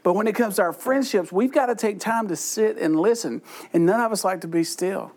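High-voiced man teaching Bible study. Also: brisk, darkish tone. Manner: joking, conversational, self-deprecating asides. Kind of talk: humorous Bible study talk.

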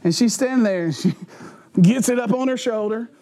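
High-voiced man preaching with stories. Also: normal speed. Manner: animated, acts out voices and sounds; laughs often while telling stories. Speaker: pastor. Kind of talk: sermon with humorous storytelling.

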